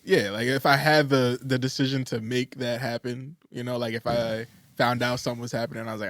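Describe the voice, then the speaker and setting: A man co-hosting a podcast, talking in loose casual chat at a medium pitch. He rambles through fillers and restarts and breaks into laughter. His voice sounds dry and close. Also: little pitch movement, fairly quick, few pauses, fairly bright tone, dry recording. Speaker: podcast co-host.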